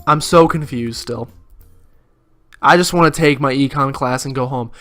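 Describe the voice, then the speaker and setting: A man's voice: medium pitch, normal speed, a bit bright, faint music behind. A man hosting a let's play, reading game dialogue aloud and making goofy, sarcastic jokes. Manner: goofy, sarcastic, joking asides.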